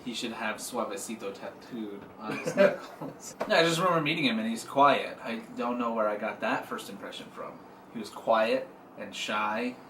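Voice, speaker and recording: Joking man, roomy distant sound. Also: medium pitch. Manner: mock-angry ranting, joking. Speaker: podcast co-host. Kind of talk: casual comedic chat. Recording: roomy and distant from the mic, faint noise.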